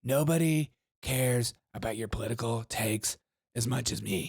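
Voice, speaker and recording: Mocking, animated male commentary host. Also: mid-range voice, brisk, no echo, studio quality. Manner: mocking, laughing often, sarcastic. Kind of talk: comedic commentary on clips.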